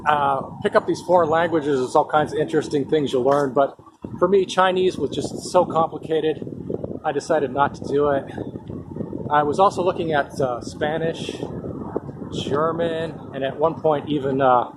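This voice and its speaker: A man talking casually to his viewers, rambling with lots of pauses and repeated words. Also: on the high side. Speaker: vlogger. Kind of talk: casual talk to camera. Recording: steady noise in the background.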